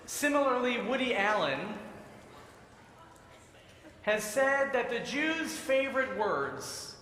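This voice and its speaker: A man's voice: very high voice, very animated, slow pace, pushed and bright, slight background noise. A man, a rabbi, giving a sermon in a synagogue sanctuary, telling jokes in a preacher's rhythm. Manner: joke-telling preacher, quoting voices in a punchline rhythm. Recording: echoey sanctuary with long reverb.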